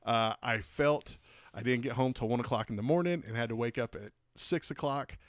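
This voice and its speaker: A man co-hosting a podcast, telling a long casual story with lots of fillers and lively retellings. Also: mid-range voice, normal speed, no room sound. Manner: animated, rambling anecdote with many fillers. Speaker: podcast co-host.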